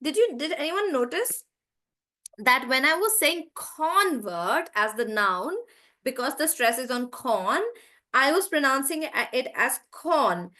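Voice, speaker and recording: A woman's voice: high voice, animated, unhurried, bright, forceful tone. A woman teaching English pronunciation in an online class, explaining patiently, stretching stressed syllables to demonstrate and calling on students by name. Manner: calls on students by name, asks "right?".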